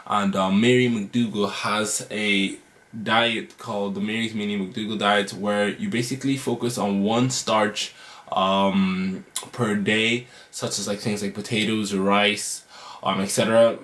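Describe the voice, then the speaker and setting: A man's voice: lowish voice, little pitch movement, unhurried, a bit bright. A man talking casually to camera in a vlog, hesitating often with ums and restarts, and later filming in his kitchen. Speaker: vlogger. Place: home kitchen. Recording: roomy kitchen with guitar music behind.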